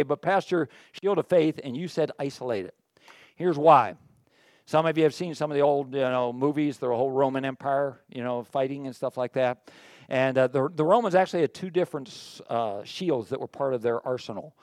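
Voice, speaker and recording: A man's voice: mid-range voice, dry recording, studio quality. A man preaching a sermon as a pastor, folksy and conversational, with chatty asides to the congregation.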